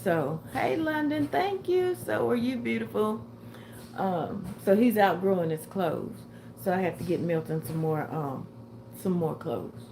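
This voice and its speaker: A woman's voice: lowish voice, very animated, a little slow, vocal fry, warm tone, a little hiss or hum. An older woman chatting casually with viewers on a livestream, a little tired and short of breath. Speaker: livestream host.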